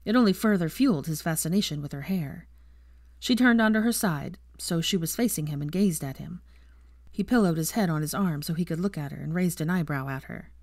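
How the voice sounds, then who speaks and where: A woman narrating fan fiction in a calm, even reading voice. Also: deep voice, brisk, no room sound, clean studio sound. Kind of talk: storybook narration.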